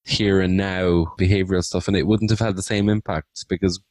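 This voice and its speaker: Deep-voiced man hosting an interview. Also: flat delivery, normal speed, darkish tone, no room sound. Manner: reflective, thinking aloud. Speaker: interview host. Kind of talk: conversational interview.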